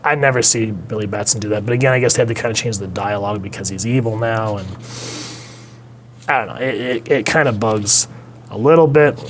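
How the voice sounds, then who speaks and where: A man's voice: lowish voice, fairly quick, a little hiss or hum. A young man casually reviewing a comic book, talking with enthusiasm and rambling on with fillers.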